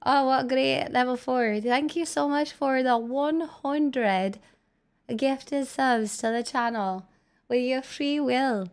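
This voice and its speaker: A streamer woman doing a bubbly Irish-accented thank-you, slow and drawn out, every word gushing with gratitude. The lilt is plainly put on for fun, and the tone is clear and smooth. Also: sits high, voice pushed up.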